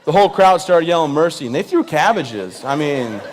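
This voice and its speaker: A man's voice: on the high side, very animated, moderate pace, slight background noise. A man from Michigan giving a humorous, self-deprecating speech at a live event, often checking in with "right?". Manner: self-deprecating, jokey, many "right?" asides. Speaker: guest speaker.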